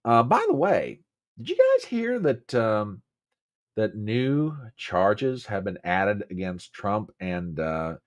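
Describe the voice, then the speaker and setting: A man's voice: lowish voice, wildly swooping pitch, slow pace. A Southern American man hosting a casual political commentary livestream, chatty and emphatic, repeating phrases and answering viewers by name. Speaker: host.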